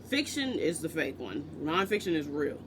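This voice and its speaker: A man's voice: fairly high pitch, sing-song, moderate pace, fairly bright tone, a little hiss or hum. A man from the United States chatting casually as a book vlogger, rambling and cutting into his own sentences with joking asides. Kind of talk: casual rambling vlog chat.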